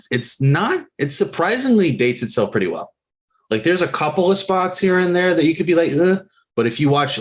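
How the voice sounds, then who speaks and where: A man co-hosting a movie podcast, chatting casually with lots of fillers and restarts. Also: on the low side. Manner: rambling, filler-heavy, animated. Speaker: podcast co-host. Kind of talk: casual chat about movies.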